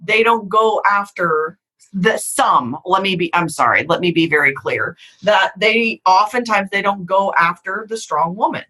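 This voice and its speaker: A woman's voice: medium pitch, a little slow, bright, forceful tone, poor audio. A middle-aged woman hosting a podcast, talking frankly and emphatically in a candid conversation, swearing casually. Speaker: podcast host.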